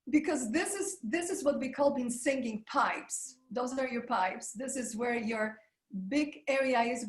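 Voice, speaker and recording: A woman leads a live online coaching session in an encouraging tone, talking her listeners through breathing and vocal warm-ups. Her voice sits fairly high. The sound carries a noticeable room echo, as if she is speaking into a video call from a hard-walled room. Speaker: webinar presenter, voice coach.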